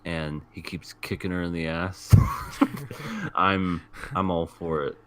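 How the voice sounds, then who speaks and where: A man hosting a casual anime review podcast, retelling scenes with lively put-on voices. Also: deep voice, slow, slight background noise. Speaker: podcast host.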